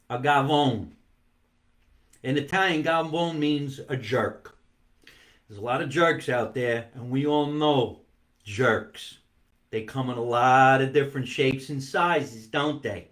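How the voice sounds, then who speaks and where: A man's voice: medium pitch, a bit bright. A man hosting a comedy talk show from his basement, chatting playfully while he eats and stretching out words for comic emphasis. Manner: talks while eating. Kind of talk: live-streamed comic monologue. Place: home basement.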